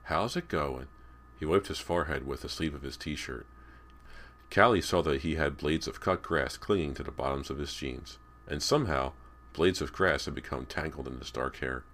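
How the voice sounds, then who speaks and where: A man's voice: extremely low pitch, normal speed, a bit bright. A man reading a young-adult horror novel aloud as an audiobook narrator. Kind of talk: scripted narration.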